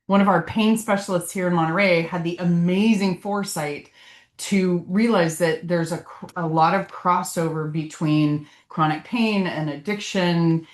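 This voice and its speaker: A woman's voice: fairly low pitch, steady tone, a little slow. A woman, a physician, giving a casual continuing-education lecture in an earnest, heartfelt way. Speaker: physician presenter. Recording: echoey room.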